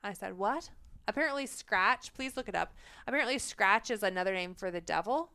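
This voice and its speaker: A young adult woman co-hosts a casual podcast chat, acting out the people in her stories and laughing often. Her voice is bright and forceful, with a smooth, clear tone. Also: medium pitch, brisk. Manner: animated storyteller, acts out quoted lines, laughs often. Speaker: podcast co-host.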